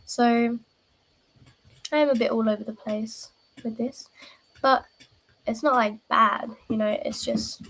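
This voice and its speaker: A woman's voice: a little high, low-quality recording. A woman chatting casually on a live stream, rambling and interrupting herself with a playful tone.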